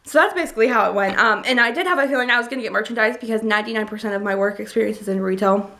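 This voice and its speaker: A woman's voice: a little high, rapid-fire. A young woman in college telling a personal story in a casual, chatty vlog, full of fillers. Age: young adult. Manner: chatty, lots of likes and ums, gets excited retelling. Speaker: college student vlogger.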